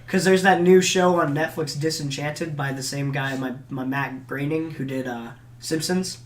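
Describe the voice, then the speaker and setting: A young man co-hosting a podcast, chatting in an excitable, teasing way. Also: on the high side, normal speed, slight background noise. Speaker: podcast co-host. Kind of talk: casual chat.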